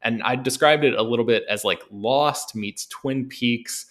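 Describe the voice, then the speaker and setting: A man's voice: medium pitch, measured pace, a bit bright. A man from the United States chatting casually as a podcast co-host, rambling and hesitant, often restarting his sentences. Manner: rambling, hesitant, trails through many restarts.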